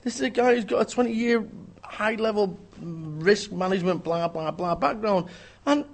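A man's voice: sits high, animated, moderate pace. A man, an author and business speaker, giving a blunt, emphatic, joking rant in an interview.

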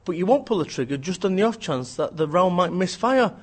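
Blunt, fast-ranting man. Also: high voice, expressive, slightly rough. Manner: blunt, ranting, mimics voices. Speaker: author and business speaker. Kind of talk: energetic interview talk.

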